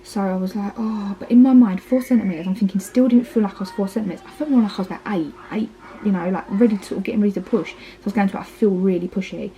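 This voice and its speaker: A woman's voice: mid-range voice, racing, few pauses, dark tone, low-quality recording. A woman in her thirties with an Essex accent, chatting casually through her birth story with plenty of "like" and "um". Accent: Essex English. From Essex, England. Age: 30s. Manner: chatty, lots of "like" and "um", acts out quoted lines. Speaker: parenting vlogger.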